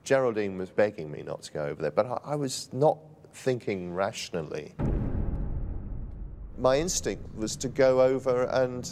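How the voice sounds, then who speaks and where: A man's voice: mid-range voice, animated, moderate pace, a little mellow, a little hiss or hum. A man giving earnest, emphatic documentary testimony as a witness. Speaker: witness interviewee. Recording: faint music under the voice.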